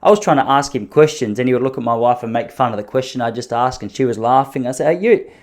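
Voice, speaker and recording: A man's voice: medium pitch, fairly even intonation, fast talker. An Australian man in his thirties hosting a podcast, telling rambling, self-deprecating stories in a casual, jokey way. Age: 30s. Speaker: podcast host. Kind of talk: casual solo storytelling.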